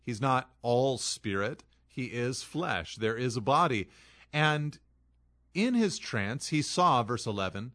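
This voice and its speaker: An earnest male pastor delivers an expository sermon, moving between read scripture and explanation. His voice sits at an ordinary middle pitch for a man, and he stresses key phrases as he builds his points. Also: animated, takes it slowly, pushed and bright.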